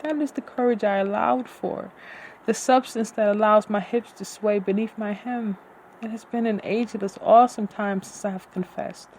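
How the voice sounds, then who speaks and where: A woman voicing a consoling woman warrior in formal, archaic speech, with a gravelly edge. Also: mid-range voice, steady tone, moderate pace, a little mellow, slight background noise, lightly acted, rough recording. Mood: calm reassuring.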